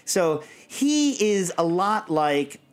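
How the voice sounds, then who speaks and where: A fairly high-voiced male podcast host chatting casually. He rambles from one story to the next, quick and animated, with lots of asides. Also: clear, resonant tone. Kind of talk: casual chat.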